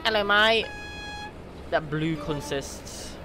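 A man from the UK chatting casually with his viewers during a live game stream, reading out their names and getting excited now and then. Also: a little high, slow, noisy background. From United Kingdom. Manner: chatty, reads out chat names, bursts of excitement. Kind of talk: casual gaming livestream chat.

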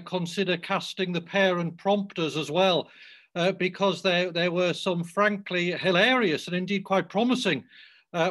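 A man hosting a school donors' event, speaking formally and hesitantly with many pauses. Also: high-pitched, a bit bright. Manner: hesitant, full of ums and restarts, formal wording.

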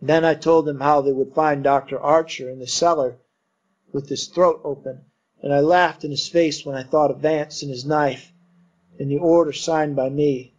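A man's voice: fairly high pitch, steady tone, normal speed, a little mellow. Man reading an audiobook, muffled sound. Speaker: narrator. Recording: dull lo-fi recording.

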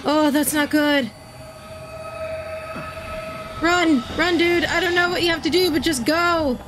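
A woman's voice: very high voice, moderate pace, noisy background. A woman commenting on a horror game as she plays, yelping and talking herself through the scares. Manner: jumpy, yelps and talks herself through scares. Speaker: gaming streamer.

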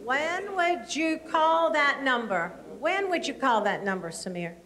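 A woman's voice: high-pitched, expressive, measured pace, a bit bright. A woman presenting an anti-bullying seminar to elementary students, coaxing them with questions. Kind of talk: presenting to school children.

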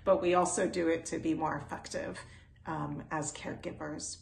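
A woman teaching self-compassion in a gentle, unhurried way, with pauses and fillers. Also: low voice, little pitch movement, creaky, echoey room, slight background noise. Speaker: wellness teacher.

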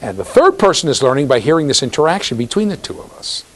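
On the high side and fast, this man's voice carries a conversational university lecture. He's an animated storyteller who checks in with his students and acts out the voices of those he quotes.

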